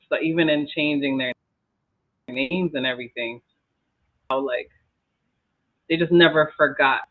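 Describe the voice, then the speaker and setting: A man's voice: medium pitch, unhurried, pauses often. A man sharing his thoughts in a casual group Bible discussion, reflective, with trailing phrases and light laughs. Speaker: discussion panelist. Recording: tinny phone-like line.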